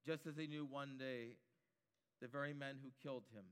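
A man's voice: medium pitch, fairly even intonation, moderate pace, smooth, big-room sound. A man preaching a sermon, building his points through emphatic repetition.

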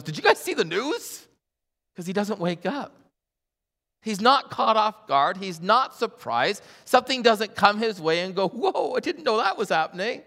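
A middle-aged man preaching a sermon as a pastor, animated and acting out voices in his stories. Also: a little high. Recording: long hall reverb.

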